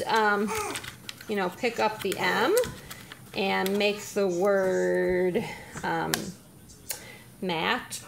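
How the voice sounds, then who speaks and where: A woman teacher casually demonstrating reading activities, slightly out of breath, pausing often with "um". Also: a little high, a bit bright, slight background noise. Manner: chatty, with frequent "um" pauses while handling letters.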